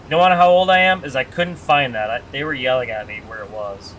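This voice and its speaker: A man's voice: medium pitch, a little fast, a bit bright, a little hiss or hum. A man chatting casually with his live-stream audience while playing a farming game, joking and reading the chat aloud.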